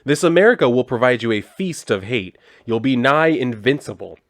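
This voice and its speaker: Guy doing a chill sarcastic comic recap, reading the lines out loud. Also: medium pitch, moderate pace. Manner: sarcastic, reads out dialogue in a flat paraphrasing voice. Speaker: comic book reviewer. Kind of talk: casual comic recap with commentary.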